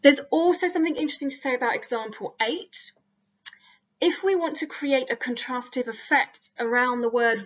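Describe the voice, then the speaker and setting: Woman lecturer, fairly high voice, careful and explanatory, slightly muffled recording. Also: fairly bright tone. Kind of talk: recorded academic slide talk.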